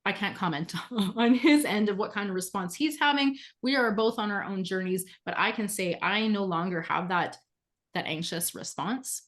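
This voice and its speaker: A woman's voice: medium pitch, moderate pace, a bit bright. A woman speaking as an interview guest in a candid, casual conversation, frank and often laughing, with the odd swear word.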